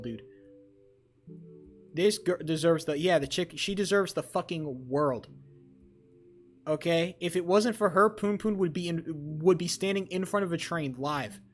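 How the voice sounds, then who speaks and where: Excitable young man streaming, slightly high voice. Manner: rambling, excitable, heavy swearing. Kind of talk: casual live-stream chat.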